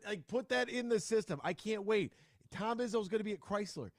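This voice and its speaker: A man hosting a sports talk radio show, casual and jokey, telling stories with animated voices. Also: sits high, a little fast, no echo, clean studio sound. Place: radio studio. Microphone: studio microphone.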